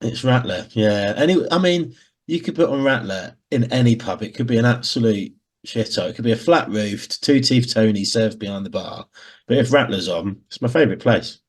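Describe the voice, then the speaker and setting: Husky, jokey Midlands podcast man. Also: medium pitch, normal speed. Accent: English Midlands. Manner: jokey, banter-filled, laughs often. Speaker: podcast co-host. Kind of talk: casual chat.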